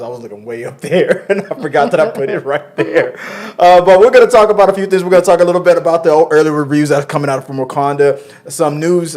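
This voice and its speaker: A man's voice: fairly high pitch, darkish tone. A man hosting a casual entertainment-news show with his wife, joking around and often restarting his sentences. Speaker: podcast host.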